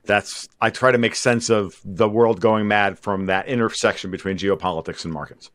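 A man's voice: on the low side, fairly even intonation, normal speed, dry recording. A man who is a guest on a podcast, giving assertive, explanatory answers and listing his points one after another. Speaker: podcast guest, markets commentator. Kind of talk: conversational interview answers.

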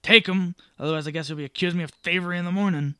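A man's voice: high-pitched, fairly even intonation, racing, a bit bright, smooth, no echo, voice pushed up. A man voicing a surly, resentful male coach driver who spits his words out. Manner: spitting, resentful.

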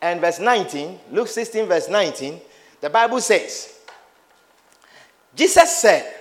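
A man's voice: sits high, animated, unhurried. A man preaching a sermon, calling out to his congregation with questions and playful teasing.

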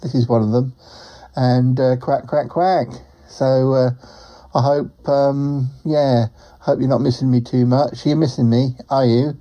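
A man's voice: medium pitch, steady tone, unhurried, mellow, dull audio, lightly acted. Man voicing Ozzy, a rambling, quacking duck. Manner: rambling, drops in quacks, laughs at own jokes. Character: chatty lonely male talking duck traveller. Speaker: show regular. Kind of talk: comic character monologue.

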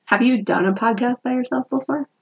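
A woman co-hosting a podcast, chatting casually about a TV show in a relaxed, agreeable way and laughing easily. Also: on the high side, a little fast, vocal fry, breathy edge. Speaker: podcast co-host. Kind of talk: casual chat recapping a TV show. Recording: dull lo-fi sound.

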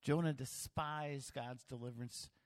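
A man's voice: medium pitch, fairly even intonation, a little slow, big-room sound. A man preaching a sermon in a casual, conversational way, with self-deprecating humor. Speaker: pastor.

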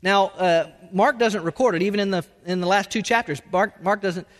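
A man's voice: sits high, normal speed, in a large hall. A man preaching a sermon as a pastor, emphatic and repeating his words as he drives points home. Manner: emphatic, repeats words, Southern-style y'all.

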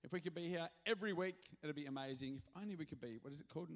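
Gravelly, lively male pastor preaching. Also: a little high, racing. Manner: animated and jokey, with sudden loud rises. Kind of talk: energetic sermon. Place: church hall.

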